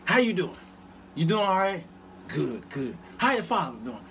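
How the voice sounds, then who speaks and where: Speaking at a normal pace, this man hosts his own show and entertains his live chat with funny stories. His high, lively voice swoops around, he laughs and makes asides often, and he responds directly to viewers; a faint hiss sits beneath it all.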